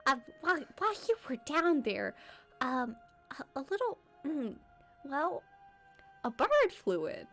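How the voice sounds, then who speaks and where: Squeaky, slow-spoken timid gremlin deckhand, played by a woman for a tabletop game; stammers. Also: very animated, a bit bright, soft background music, heavily acted. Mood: sheepish. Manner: halting, stammering. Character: timid little male goblin gremlin deckhand. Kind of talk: tabletop role-play.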